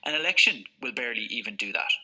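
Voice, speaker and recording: A football journalist telling lively anecdotes in a podcast discussion. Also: male voice, medium pitch, fast talker, rough recording. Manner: animated anecdotal storyteller, acts out voices.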